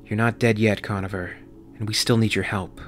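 A man's voice: lowish voice, little pitch movement, fairly quick, soft background music, lightly acted. A man reading an audiobook voices a tough, determined woman who speaks firmly and commandingly. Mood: low firm. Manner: firm, commanding.

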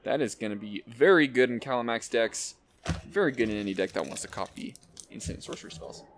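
A man hosting an unboxing, excitedly calling out card names and cracking quick jokes as he goes. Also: medium pitch, slight background noise. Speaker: host opening card packs. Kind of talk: casual unboxing commentary.

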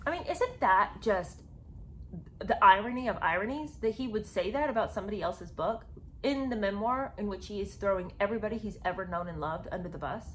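This is a woman running a chatty video commentary on a book. Her tone is sarcastic and animated, with plenty of asides that pull the listener in. She talks like she's sharing gossip with friends. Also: medium pitch, a little fast, a little hiss or hum. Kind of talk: casual book commentary with read-aloud passages.

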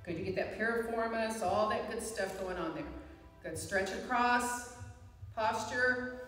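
A woman instructor guiding a live chair yoga class, with calm, encouraging cues and frequent reminders to breathe. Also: a little high, unhurried, far from the mic, faint music behind. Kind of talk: live guided fitness class. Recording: echoey hall, voice from afar.

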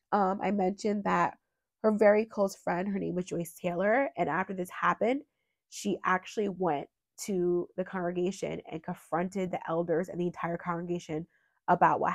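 A woman's voice: fairly low pitch, creaky. A woman hosting a true crime channel, talking earnestly and with emotion, at times holding back tears and rambling with fillers.

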